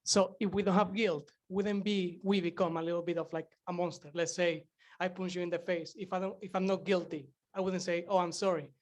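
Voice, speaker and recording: A woman's voice: fairly low pitch, fairly even intonation, brisk, a little mellow. A woman attending a workshop who asks a question hesitantly, searching for her words.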